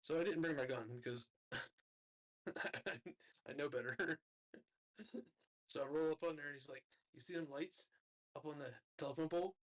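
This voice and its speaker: Brief: man, somewhat high voice, laid-back storyteller who keeps laughing between lines. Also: a little slow, pauses often. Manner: laughs often, relaxed joking tone. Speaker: participant in a live stream chat. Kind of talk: casual storytelling.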